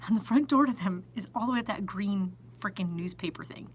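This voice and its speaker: A woman's voice: medium pitch, a little fast, slight background noise, low-quality recording. A woman vlogging to a handheld phone in her small store, chatty and exasperated, often laughing and emphatic. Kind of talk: casual chat to camera.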